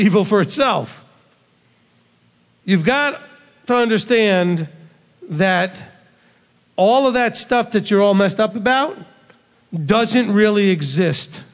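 A man's voice: sits high, expressive, normal speed, pauses often. A man preaching a sermon, bluntly scolding his listeners with rhetorical questions. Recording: long hall reverb.

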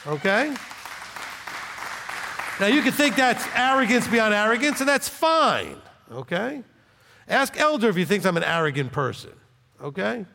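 A man's voice: high-pitched, creaky, fairly bright tone. A man preaching an informal Bible lesson in a blunt, combative, conversational way. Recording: long reverb.

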